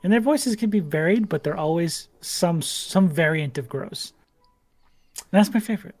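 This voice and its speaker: A co-host with a Boston accent chats casually about running games, joking and swearing without a filter. The voice sits at a middle pitch. Faint music plays underneath. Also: lively intonation, moderate pace, darkish tone. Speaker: podcast co-host and game master. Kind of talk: casual chat.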